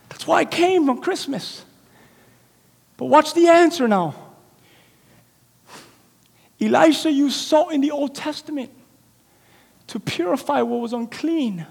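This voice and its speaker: A man preaching a sermon as pastor, swinging between loud cries and quiet asides, often dropping the word "man" into his talk. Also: extremely high pitch, measured pace, gravelly, pauses often. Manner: repeats the filler word "man". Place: church sanctuary. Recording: long hall reverb with soft music.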